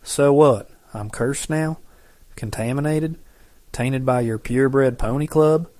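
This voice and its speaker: A man voicing a frightened, furious young woman in an audiobook, raising his voice high and shrill. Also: slow, dark tone, natural voice. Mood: panicked, angry.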